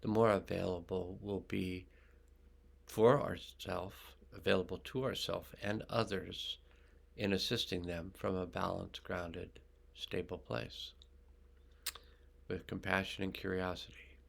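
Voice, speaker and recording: An older man leads a guided healing meditation, his very low voice thick with gravelly fry. He speaks slowly and calmly, staying on a flat, even line as he soothes his listeners with long pauses. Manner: slow, calm, soothing, with pauses. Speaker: energy healer.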